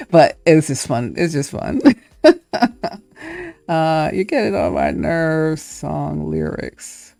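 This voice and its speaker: A woman's voice: deep voice, slow, creaky, pauses often, over music. A woman hosting her own video, chatting casually and thinking aloud, laughing often. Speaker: host. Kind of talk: casual chat.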